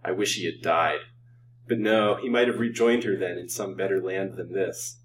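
A volatile rich gentleman from a storybook reading, bitter and easily inflamed, as a male narrator puts him on. His voice jumps upward when agitated and stays raised. The mic is set back, with a faint hum under it. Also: low-pitched, moderate pace, distant mic, close to an everyday voice, poor audio. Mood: frantic. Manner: agitated, outbursts of passion.

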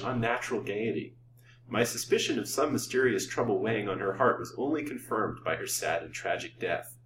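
Man doing a soft-spoken elegant widow. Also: lowish voice, natural voice. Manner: soft, murmuring, reluctant. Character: elegant scheming widow in her thirties, silvery-voiced. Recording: roomy, distant mic, faint hum.

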